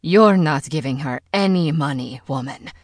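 A woman's voice: low-pitched, moderate pace, dry recording, clean studio sound. A woman doing a sneering, bitter father. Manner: sneering, sarcastic. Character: bitter, scornful immigrant father.

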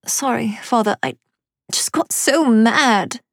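A woman voicing an excitable little girl who is quick to anger, speaking in a high, pouty, whiny voice in a storybook reading. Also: dry recording, clean studio sound, full character voice. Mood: sulky.

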